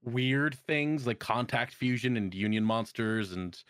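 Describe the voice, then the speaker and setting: A man's voice: mid-range voice, unhurried, fairly bright tone, smooth, dry recording, studio quality. A man co-hosting a casual podcast, laid-back and profane. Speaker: podcast co-host. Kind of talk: casual chat.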